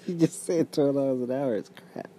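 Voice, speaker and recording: A man's voice: medium pitch, a little fast, mellow, slight background noise. A man co-hosting a casual chat with his wife, blunt, swearing freely and laughing often. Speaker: podcast co-host.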